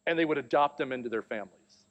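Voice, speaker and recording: A man's voice: mid-range voice, quick pace, dull audio. A man in his thirties preaching a sermon, telling a family story and acting out the voices in it. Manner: storytelling, animated, acts out quotes. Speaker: pastor.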